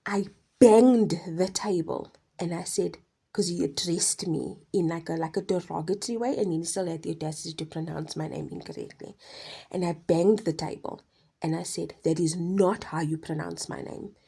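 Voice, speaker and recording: A woman speaks in a husky, dark voice while sharing a personal faith testimony. She talks with passion, sinking into soft whispers and then landing heavy emphasis on key words. Her low voice carries a gravelly edge. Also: moderate pace. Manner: passionate, emphatic, swings between hushed whispers and forceful stresses.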